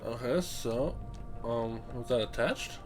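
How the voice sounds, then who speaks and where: A man doing let's play commentary, excitable, swearing often and chattering to the things in the game. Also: mid-range voice, takes it slowly, music in the background. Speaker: gameplay commentator.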